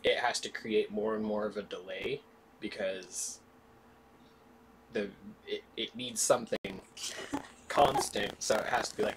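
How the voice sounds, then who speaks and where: A man's voice: lowish voice, fairly even intonation, unhurried, pauses often. A man chatting casually off camera at home, explaining technical details in an offhand way. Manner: offhand, explains tech plainly. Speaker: host's husband. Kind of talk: casual chat. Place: home room. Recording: off-camera voice with clear background noise.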